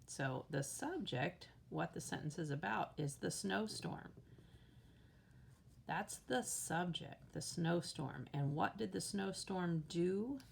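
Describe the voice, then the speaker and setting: A woman teacher explains a worksheet to children in a slow, patient way, counting out loud. Her voice sits low with a gravelly edge. Faint noise hums behind her. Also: expressive.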